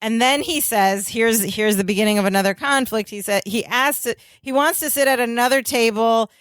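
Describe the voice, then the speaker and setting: A woman's voice: fairly high pitch, moderate pace, clear, resonant tone, no room sound. Woman recapping a sitcom, dry close sound. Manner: animated storytelling, acts out quoted lines. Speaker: podcast co-host. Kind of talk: casual chat recapping a sitcom episode.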